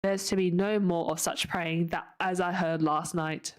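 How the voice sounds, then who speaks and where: A woman's voice: on the low side, fairly even intonation, measured pace, close to an everyday voice. A woman voicing a stern, practical older spinster who speaks firmly and disapprovingly.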